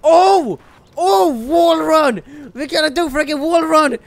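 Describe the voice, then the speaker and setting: A young adult gamer giving loud, excitable let's play commentary, swearing and yelling at the game. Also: high voice, slow, creaky, no echo.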